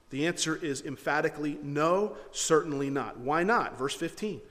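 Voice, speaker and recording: A pastor preaches with an earnest, conversational drive, now and then slipping into the voices of the people he quotes. His voice sits a bit higher than most men's. It rings out in a hall with a long, trailing reverb. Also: moderate pace, few pauses, a bit bright. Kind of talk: sermon.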